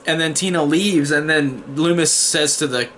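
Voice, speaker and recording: A man's voice: a little high, normal speed, fairly bright tone, slight background noise. Rambling young man reviewing a movie. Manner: rambling, opinionated, many fillers. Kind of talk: casual spoken film review.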